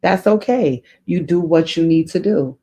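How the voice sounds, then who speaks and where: A woman's voice: lowish voice, moderate pace, dark tone, breathy edge. A woman hosting an advice vlog, talking earnestly to a letter writer, often repeating her key phrases and getting emotional. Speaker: advice show host.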